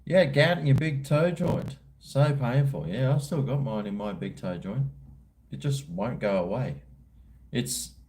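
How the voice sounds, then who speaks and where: A man's voice: medium pitch, animated, a little slow, darkish tone. An Australian man hosting a live stream, chatting casually with viewers in a rambling, slangy, laid-back way. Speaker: livestream host.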